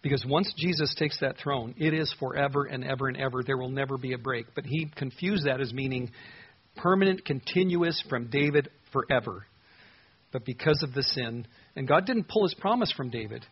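A man's voice: medium pitch, normal speed, slightly rough, lo-fi sound. A man preaching a sermon, earnestly reading scripture verses aloud and explaining them. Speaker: pastor.

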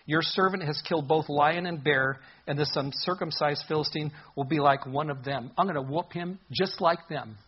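A man preaching a sermon, retelling a story with lively asides and briefly voicing its characters. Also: fairly high pitch, moderate pace, hardly any pauses, slightly rough. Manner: animated, voices characters in the story. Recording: dull lo-fi sound.

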